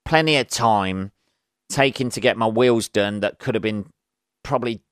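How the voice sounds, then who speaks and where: A man's voice: on the low side, moderate pace, fairly bright tone, clear, resonant tone, no room sound, clean studio sound. A man hosting a casual solo podcast, ranting with lots of swearing and exasperation. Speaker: podcast host.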